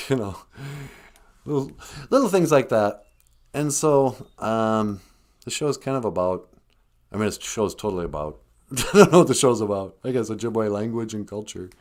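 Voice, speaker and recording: A man's voice: on the low side, expressive, moderate pace. A man hosting a casual language livestream, chatting in a rambling, joking way.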